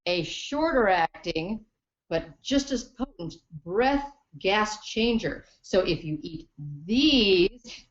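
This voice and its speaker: A woman hosting a comic livestream in a playful, theatrical way full of puns. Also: medium pitch. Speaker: comedy show host. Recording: roomy, dull livestream audio.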